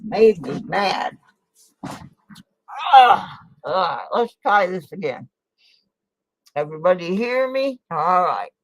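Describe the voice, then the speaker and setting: A woman hosts her livestream from a home setup in a folksy, chatty way, sometimes eating while she talks. Her delivery is unhurried and drawn out. The sound is dry and close on a desk microphone. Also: on the low side, sing-song, dry recording. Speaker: host of a coin collecting livestream. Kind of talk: casual livestream chat.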